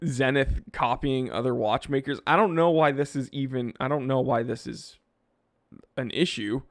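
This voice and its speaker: A man hosting a casual live stream, reading viewer comments aloud and joking about himself in a lively, self-deprecating way. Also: medium pitch, normal speed, dry recording, studio quality. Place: home studio in California. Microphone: wearing headphones, close mic.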